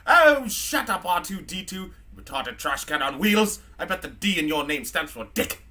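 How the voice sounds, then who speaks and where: A man voicing a foul-mouthed, drunk, fussy male robot butler with a put-on British accent and shrill squawking outbursts. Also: very animated, normal speed, sharp tone, exaggerated voice. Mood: insulting.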